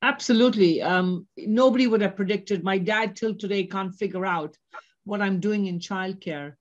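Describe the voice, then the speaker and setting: A woman's voice: mid-range voice, moderate pace, muffled recording. A woman from Kenya, an educator, talking chattily as an interview guest. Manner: chatty, laughs easily. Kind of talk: conversational interview.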